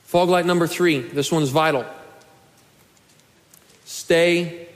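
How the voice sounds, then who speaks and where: A man in his twenties preaching a sermon to his church, earnest and pleading, at times rising to a shout. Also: fairly high pitch, steady tone, slow. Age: 20s. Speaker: pastor. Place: church sanctuary. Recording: long hall reverb.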